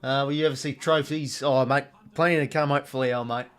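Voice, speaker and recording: A man's voice: mid-range voice, steady tone, quick pace, fairly bright tone, smooth. Chatty Australian man streaming live. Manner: chatty, many fillers, reads and answers viewer chat. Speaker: streamer hosting a live watch-along. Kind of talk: casual live-stream chat.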